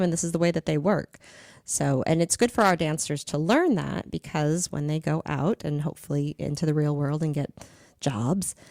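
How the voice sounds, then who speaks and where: Middle-aged woman, dance instructor, very low voice, dry close sound, eager explaining. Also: a little mellow, no echo. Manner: enthusiastic, explains with comparisons. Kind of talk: casual conversation.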